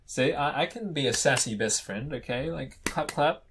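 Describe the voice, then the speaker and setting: A man's voice: mid-range voice, normal speed, noisy background. Giggly young man reading fan fiction. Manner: giggly, gushing, playful. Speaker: YouTuber.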